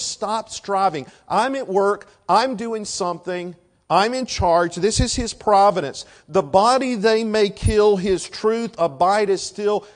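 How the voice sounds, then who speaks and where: A man preaching a sermon, dropping to a hush and then rising to loud shouted emphasis. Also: a little high. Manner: swings from hushed to shouting for emphasis.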